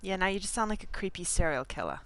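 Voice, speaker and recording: A woman's voice: lowish voice, big pitch swings, quick pace, a bit bright. A woman streaming a video game from home, chatting casually and making wry remarks at the screen through a desk mic. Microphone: desk mic, levels uneven.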